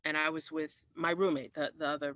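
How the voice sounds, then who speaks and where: A man's voice: fairly high pitch, level tone, fairly quick, bright, forceful tone, dry recording. A man from Maryland telling a personal story in an interview, reflective, with restarts and acted-out quoted dialogue. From Maryland, USA.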